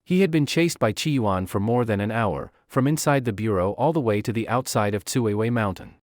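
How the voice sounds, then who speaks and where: A man's voice: on the low side, animated, a little fast, dry recording, studio quality. Man narrating a story recap. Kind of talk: scripted narration.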